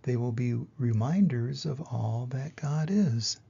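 An older man voicing an ancient, wise female turtle in a slow, solemn storybook reading. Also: mid-range voice, expressive, gravelly, warm tone, husky, dull audio, heavily acted.

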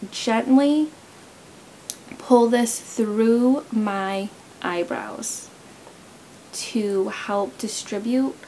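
A woman's voice: medium pitch, a little mellow, a little hiss or hum, poor audio. A young woman chatting casually while doing a makeup tutorial, rambling into stories along the way, recorded close to the camera. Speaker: beauty vlogger.

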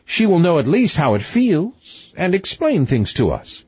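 A man voicing a fretful, sharp-tongued middle-aged queen in a raised, plaintive voice. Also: on the high side, huge pitch swings, measured pace, husky, no room sound, dull audio, pitched above the performer's own voice, full character voice. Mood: soothing.

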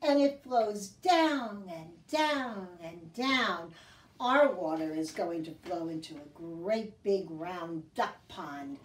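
A woman hosting a children's library storytime, talking to kids in a gentle, teacherly sing-song and reading a picture book aloud. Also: lowish voice, animated, takes it slowly, far from the mic. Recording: echoey room, voice off-mic, guitar behind.

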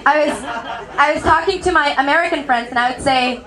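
A young woman from Mexico performs stand-up, her voice riding high as she jokes at her own expense. She laughs through her own punchlines. A live audience murmurs and laughs around her. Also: fairly quick, fairly bright tone. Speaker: stand-up comedian. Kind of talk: stand-up comedy set. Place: comedy venue with a live audience. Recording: crowd noise from a live audience.

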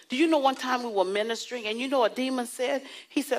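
A woman pastor preaching a sermon, animated and playful with the congregation. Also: on the high side, fast talker, few pauses. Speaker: pastor and prophetess.

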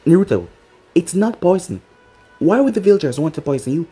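Sakura, a narrator doing a brisk young ninja medic. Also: mid-range voice, very animated, warm tone, husky, soft background music. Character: young female ninja medic, busy and short-tempered.

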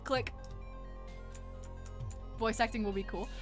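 An excitable woman chatting through a game stream, rambling and swearing freely. Her voice is high and bright and bounces all over the place, with faint game music behind. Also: normal speed. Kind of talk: casual game stream commentary.

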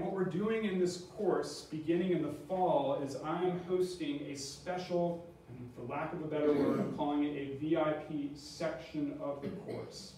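A man's voice: on the high side, warm tone. A man, a history professor, giving a public lecture with slides in a museum, explaining and posing questions to the audience before answering them. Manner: explanatory, asks and answers his own questions. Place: museum talk room. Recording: very echoey room, distant mic, faint noise.

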